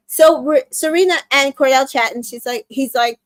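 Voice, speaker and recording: High-voiced and speaking at a moderate pace with no room sound, a young adult woman hosts a casual reality-show recap. She replays scenes through quoted dialogue, using lots of fillers and small laughs.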